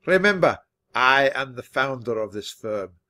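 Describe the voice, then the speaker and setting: A man voicing a bossy, boastful old male mouse who founded a newspaper, talking loud and blustering. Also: mid-range voice, animated, measured pace. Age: older.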